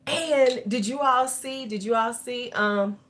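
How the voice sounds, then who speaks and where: Tipsy middle-aged woman, loud and chatty beauty vlogger, swears easily. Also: a little high, slow pace, slight background noise. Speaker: beauty YouTuber. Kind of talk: casual livestream chat.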